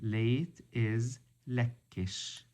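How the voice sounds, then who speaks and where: A man teaching a vocabulary lesson, slow and methodical, repeating each word. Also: medium pitch, a little mellow. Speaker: language teacher.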